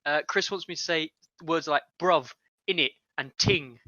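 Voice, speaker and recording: A man's voice: on the high side, moderate pace, sharp tone, no room sound, dull audio. A man casually co-hosting a live game stream, joking and rambling, slightly drunk and tired after a long day. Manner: joking, rambling, self-deprecating. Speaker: commentator and co-host.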